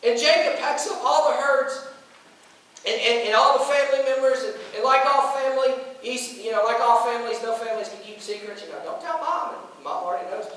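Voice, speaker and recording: A man's voice: very high voice, fairly even intonation, a little fast, a bit bright. A male pastor telling a story in a sermon, acting out the quoted lines and restarting his words often. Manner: retelling a story with quoted voices and frequent restarts. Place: church sanctuary. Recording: very echoey church room, mic far off.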